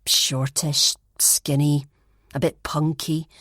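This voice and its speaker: Brief: woman reading gossipy young woman student, low confiding tone, dry sound. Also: level tone, slow pace, no echo, exaggerated voice. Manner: confiding, hushed at times.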